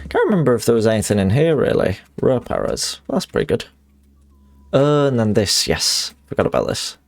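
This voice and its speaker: Gravelly, rambling male game streamer. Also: mid-range voice, very animated, a little fast. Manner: chatty, rambling, self-deprecating with frequent restarts. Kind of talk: casual gameplay commentary and reading in-game letters aloud.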